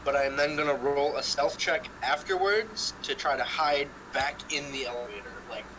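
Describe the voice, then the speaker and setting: A man's voice: medium pitch, moderate pace, noisy background. A man playing a tabletop game, planning his moves aloud and asking the game master questions. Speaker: player. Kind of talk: casual tabletop play.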